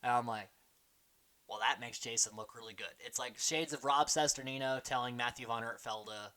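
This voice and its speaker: A man hosting a casual recap, chatting quickly and mimicking the people he quotes. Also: medium pitch, pushed and bright. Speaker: podcast host recapping a reality show.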